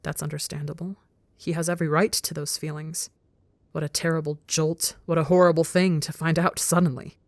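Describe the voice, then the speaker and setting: Woman reading a story out loud, low voice, dry close mic, calm and measured. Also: no room sound. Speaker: audiobook narrator. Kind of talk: scripted narration of fan fiction.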